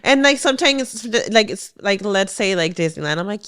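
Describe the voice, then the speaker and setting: A young woman co-hosting a podcast in a studio, telling a story in a casual chat with lots of laughter and quick mimicry of other people. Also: medium pitch, lively intonation, fairly bright tone, smooth. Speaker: podcast co-host.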